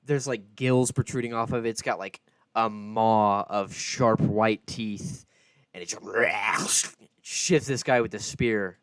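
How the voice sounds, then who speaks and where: A man with a low voice runs a tabletop session at an unhurried, easy pace. His voice is clear and close, with no room echo. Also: fairly bright tone. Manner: laid-back, descriptive narration. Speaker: game master. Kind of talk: narrating a tabletop game.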